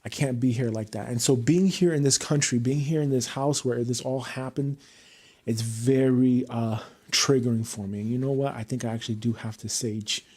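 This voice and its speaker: A man speaks straight to his livestream audience in a husky, mid-pitched voice. He vents heatedly, swearing freely as he talks things through without a script. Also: steady tone, normal speed, darkish tone. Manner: heated, profane venting. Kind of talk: unscripted livestream monologue.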